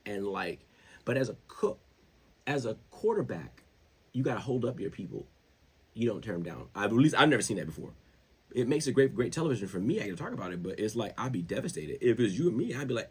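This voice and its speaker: A man hosting his own show, talking football in a casual, slangy, rambling way that gets more animated as he goes. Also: mid-range voice, fast talker, husky. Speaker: show host. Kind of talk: casual sports commentary.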